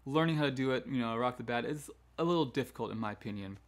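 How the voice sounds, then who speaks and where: A man's voice: medium pitch, very fast. A man hosting a choral education lesson, explaining classroom management in a conversational way and acting out firm teacher commands. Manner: demonstrates teacher commands in a firm, downward-inflected voice; conversational, with frequent "right?" asides and restarts. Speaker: choral music education host. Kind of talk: instructional talk on classroom management.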